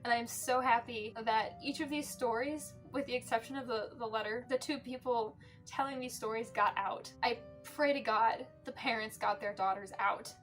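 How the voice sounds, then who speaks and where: Lady reading out someone's story on her channel, fairly high voice, serious and steady, soft music behind. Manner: earnest, measured reading; openly indignant in her own asides. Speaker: video host. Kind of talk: reading a former member's testimony aloud with personal comments.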